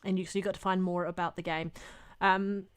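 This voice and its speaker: A woman's voice: on the low side, level tone, a little fast, smooth. A woman co-hosting a gaming podcast, chatting in a candid, rambling way and swearing casually. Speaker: podcast co-host.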